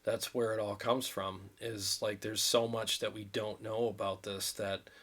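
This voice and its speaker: A man's voice: fairly low pitch, flat delivery, unhurried, fairly bright tone. Man, 50s, livestream host; earnest, rambling, a little emotional. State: recovering from illness, drained. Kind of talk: casual livestream chat.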